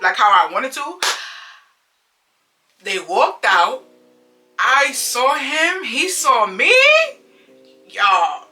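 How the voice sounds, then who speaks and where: Woman, storytime vlogger, very bright tone, blunt and animated, distant mic, faint music. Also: a little high. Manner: animated, blunt, swears freely, acts out quotes. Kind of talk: casual storytime.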